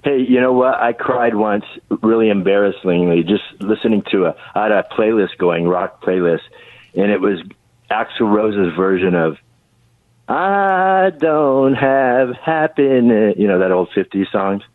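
A man's voice: fairly low pitch, fairly even intonation, moderate pace, no echo. A man calling in to a radio show, chatting in a rambling, self-conscious way. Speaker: caller. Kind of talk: casual phone-in chat. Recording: tinny phone line.

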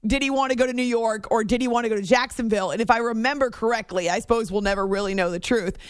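A woman hosting a sports radio show, telling a story on air in a chatty, animated way that often breaks off mid-sentence. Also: a little high, fast, no room sound, studio quality. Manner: chatty, animated, self-interrupting. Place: radio studio. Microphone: studio microphone.

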